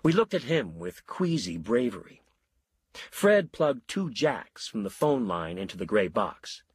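A man narrating a story in a wry, measured way. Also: fairly low pitch, sing-song, slightly rough, no echo.

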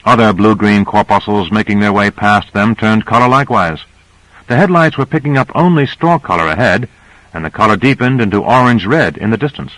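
A man narrating an audiobook in a measured storytelling manner. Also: fairly low pitch, fairly bright tone, dry recording, low-quality recording.

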